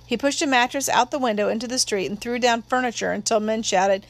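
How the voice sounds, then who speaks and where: A woman narrating an audiobook in a measured, steady storytelling voice. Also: fairly high pitch, no echo.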